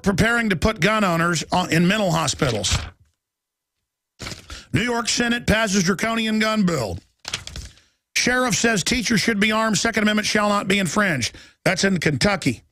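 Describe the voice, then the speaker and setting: Man, talk radio host, alarmed rant, high voice, dry close mic. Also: expressive, sharp tone, no room sound. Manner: urgent, alarmed, rapid-fire ranting; reads headlines aloud in quick bursts. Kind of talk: political talk radio monologue.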